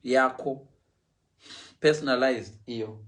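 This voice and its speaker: A middle-aged man from Zimbabwe with a Zimbabwean English accent, telling comic stories on a livestream in an animated way, mimicking other people's voices and laughing along. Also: medium pitch, slow. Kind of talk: animated comic storytelling, switching between Shona and English.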